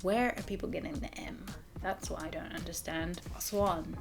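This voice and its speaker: A woman's voice: fairly low pitch, normal speed, music in the background. A woman with an English accent talking casually to camera in a vlog, a little mumbly. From England. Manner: mumbles a little, soft and chatty. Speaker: vlogger.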